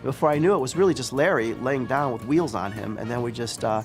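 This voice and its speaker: A man who designed backgrounds, explaining his work in an easygoing interview manner with pauses. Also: medium pitch. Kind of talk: behind-the-scenes interview. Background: music.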